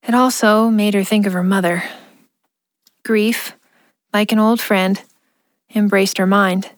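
A woman narrating an audio drama in a measured, expressive reading. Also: mid-range voice, no echo, clean studio sound. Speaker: narrator and ad host.

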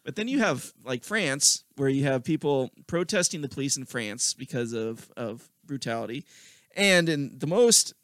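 A man's voice: medium pitch, expressive, normal speed, a bit bright, dry recording, studio quality. A man co-hosting a podcast in casual chat, giving blunt, opinionated takes. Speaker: podcast co-host.

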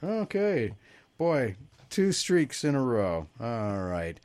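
A man hosting a relaxed movie chat, cracking wry jokes as he reviews a film. His voice sits at an ordinary middle pitch, and he often chuckles at his own lines. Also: slow. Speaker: podcast host reviewing movies. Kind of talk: casual chat.

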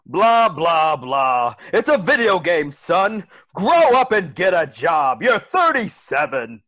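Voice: medium pitch, big pitch swings, unhurried, a bit bright. An actor doing a stammering, cowed father. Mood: scolding. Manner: stammering, pleading. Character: harried middle-aged father, scolding then cowering. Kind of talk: comedy sketch table read over video call.

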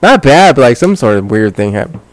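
A man's voice: mid-range voice, big pitch swings, a little fast, dry recording. A man co-hosting a podcast in casual chat, rambling and joking with frequent swearing. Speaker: podcast co-host.

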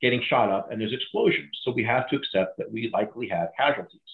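A middle-aged man retelling a crisis story in an interview, animated and acting out the voices of others. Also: medium pitch, fast talker, creaky. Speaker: guest, former bank crisis manager. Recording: echoey, phone-like audio.

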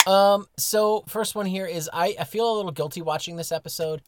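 A man's voice: high-pitched, brisk, noisy background. A man from the United States co-hosting a podcast, talking in a candid, self-mocking, casually profane way. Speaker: podcast co-host. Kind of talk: casual chat.

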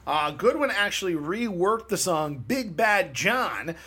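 A man's voice: high voice, measured pace, breathy edge. A man co-hosting a casual music podcast, rambling with lots of laughter. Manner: animated, laughs often, rambling asides. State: neck and shoulder pain. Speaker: podcast co-host. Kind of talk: casual chat about music history.

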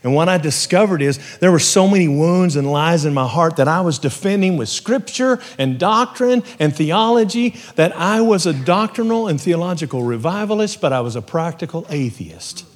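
Male preacher, testimony sermon, moves from hushed to fervent, mid pitch, reverberant hall. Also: animated, normal speed, few pauses. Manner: storytelling, swings from hushed to rising fervor.

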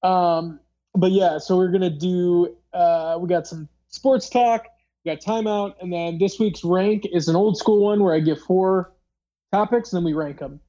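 A podcast host telling a story in a loose, casual way, full of fillers and acted-out dialogue. The voice sits at a middle pitch with a mellow, darker tone. The recording sounds slightly dull and lo-fi. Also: measured pace. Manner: rambling, filler-heavy, acts out dialogue.

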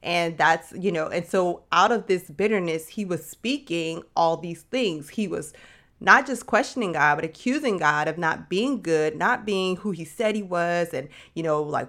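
A woman with a somewhat low voice hosts a faith podcast. She teaches the Bible in a relaxed, conversational way, with slangy asides and frequent "you know"s, speaking straight to the listener. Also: a little slow. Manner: chatty, addresses listener as sis, slangy asides. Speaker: podcast host. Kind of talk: casual Bible teaching talk.

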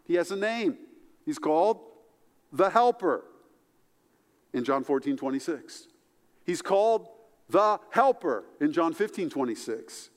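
Male pastor, sermon, animated, fairly high voice, reverberant church room. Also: measured pace, long pauses. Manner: animated preaching, voice rising high for emphasis and dropping low and soft.

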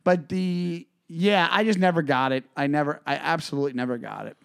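Cast a slightly higher-voiced man as a rambling podcast co-host, heavy on filler words. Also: fairly even intonation, brisk, creaky, a bit bright, clean tone. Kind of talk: casual comedic chat.

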